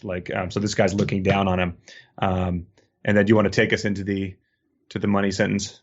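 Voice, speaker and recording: Low-voiced man in casual podcast chat. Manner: laughs often, reads quotes in a slow deadpan. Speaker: podcast co-host. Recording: dull lo-fi audio.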